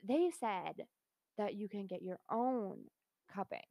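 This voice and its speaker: A woman co-hosting a podcast, chatting playfully and steering to new topics. Her mid-pitched voice has a gravelly, creaky edge. The recording is dry and close. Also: animated, warm tone, dry recording. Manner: playful, quick reactions, brings up topics. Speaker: podcast co-host. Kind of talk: casual chat.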